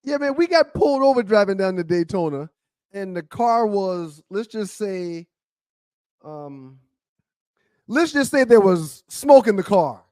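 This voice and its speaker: A man co-hosting a talk show, telling stories with halting restarts. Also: high voice, sing-song, dark tone, dry recording. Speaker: co-host. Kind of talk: casual storytelling chat.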